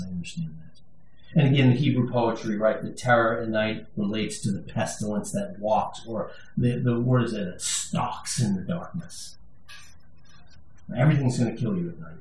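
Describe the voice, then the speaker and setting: A man's voice: on the low side, moderate pace, darkish tone. A male pastor giving a sermon, conversational and emphatic, with touches of humor. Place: church sanctuary. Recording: echoey room, voice from a distance.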